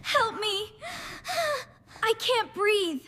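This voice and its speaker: A woman voicing a cheeky, playful young boy in a slow cartoon story, later pleading for help. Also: extremely high pitch, lively intonation, a bit bright, heavily acted. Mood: panicked. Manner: teasing, then choking and pleading. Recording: reverberant room.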